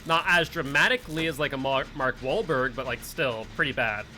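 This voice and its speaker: A man streaming a game live, chatting casually with his friends and chat, full of "like" and quick asides. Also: mid-range voice, pushed and bright, soft background music. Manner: chatty, filler-heavy, talks to chat and friends.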